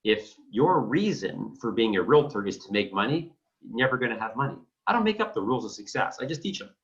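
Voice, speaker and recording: Male real estate coach, emphatic and lively, dull lo-fi audio. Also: mid-range voice, fairly quick. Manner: emphatic and blunt, acts out phone calls. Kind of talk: coaching talk to realtors. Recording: dull lo-fi sound.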